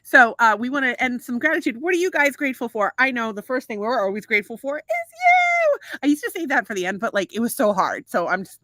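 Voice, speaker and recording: A middle-aged woman cohosting a late-night chat, her bright, high-set voice swinging widely as she laughs and swears through bawdy stories. The sound is dry and close to the mic. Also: wildly swooping pitch, fast talker, dry recording. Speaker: podcast co-host. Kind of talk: casual chat.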